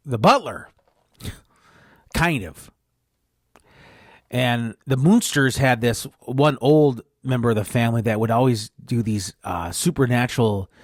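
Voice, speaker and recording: A man's voice: medium pitch, dry recording, studio quality. A man hosting a podcast, rambling through a made-up story and often correcting himself. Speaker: podcast host.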